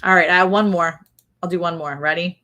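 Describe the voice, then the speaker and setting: A woman's voice: lowish voice, fairly even intonation, brisk, sharp tone. A woman hosting a casual livestream, quizzing her co-host and reading viewer comments aloud. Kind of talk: casual chat, running a guessing game.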